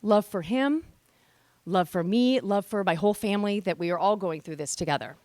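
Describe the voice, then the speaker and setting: A woman's voice: mid-range voice, normal speed, a little mellow, dry recording. A woman in her forties giving a motivational speech at a women's event, telling a candid personal story with earnest emphasis. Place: event hall with live audience.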